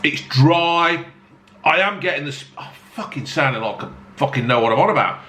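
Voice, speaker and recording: A man talks through a beer tasting in a blunt, foul-mouthed, joking way. His bright, fairly high voice swings up and down a lot. The sound carries a roomy echo. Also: expressive, normal speed. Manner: blunt, heavy swearing, jokey self-mocking asides. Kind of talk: casual beer review to camera. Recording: echoey room with faint ambience.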